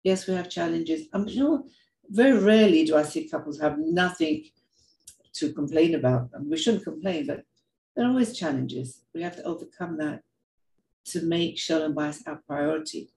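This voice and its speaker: Older woman, mellow tone, earnest animated storytelling, echoey room. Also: low-pitched, normal speed, gravelly, slight background noise. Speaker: speaker sharing reflections. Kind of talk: heartfelt personal talk.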